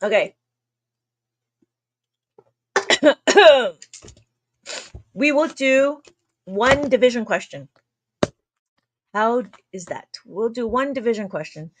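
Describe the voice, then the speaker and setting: This livestream lesson features a woman teaching long division on the abacus in a chatty way, with frequent laughter and attempts to slow her typically rapid speech. Her voice is on the high side and expressive, with a little hiss or hum in the audio.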